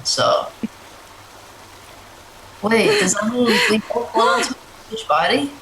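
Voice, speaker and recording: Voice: takes it slowly, a loud crowd. Giggly player in an echoey room. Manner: giggly and confused, lively pitch. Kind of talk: tabletop role-play. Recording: roomy echo with clear background noise.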